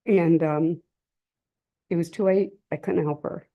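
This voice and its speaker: A middle-aged woman giving an emotional personal testimony to a live audience, halting often and restarting her sentences. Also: on the low side, fairly even intonation, highs cut off. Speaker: speaker sharing a family story at a drug-prevention session. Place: community cultural center, in person.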